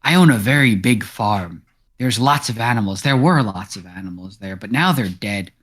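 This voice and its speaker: A jittery talking farm cat, as a game master puts it on, rambling and circling back on its own words. The voice wanders up and down in pitch. It comes across as part of a tabletop role-play session. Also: male voice, lively intonation, normal speed, a bit bright. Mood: defensive. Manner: rambling, repeats itself.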